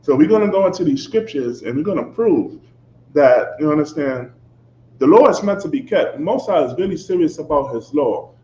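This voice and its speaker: A man preaching a fiery sermon, emphatic and confrontational, constantly checking "you understand?" and swinging between loud outbursts and low asides. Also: lively intonation, moderate pace, a little hiss or hum. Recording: echoey, dull, slightly lo-fi with faint ambience.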